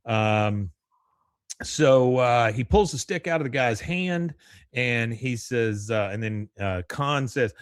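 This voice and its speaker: A man's voice: medium pitch, slow, smooth, no room sound, studio quality. A man hosting a podcast, casually recapping an episode in a rambling way and acting out lines as he goes. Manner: rambling storyteller, acts out the lines. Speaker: podcast host.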